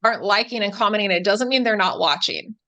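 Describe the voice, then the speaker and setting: A woman's voice: medium pitch, quick pace, sharp tone, dull audio. A woman hosting a live discussion, sharing an anecdote in a friendly, affirming way.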